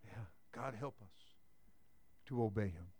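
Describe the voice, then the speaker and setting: A man preaching a sermon as pastor, fervent and swinging from quiet talk to shouting, calling for responses from his congregation. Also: fairly low pitch, a little slow, husky, dry recording.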